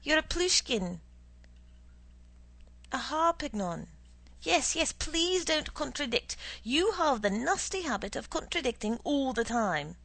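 Blustering male boss, pompous and lecturing, high-pitched and gravelly, as a woman reader puts him on. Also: animated, takes it slowly, fairly bright tone, full character voice. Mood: scolding. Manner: indignant, lecturing, theatrical.

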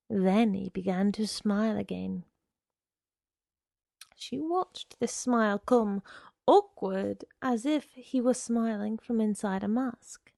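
A woman narrates literary fiction in an unhurried, hushed, low-key way. Her voice has a gravelly grain and keeps a slow pace. The recording is dry and close, with no room sound. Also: no room sound.

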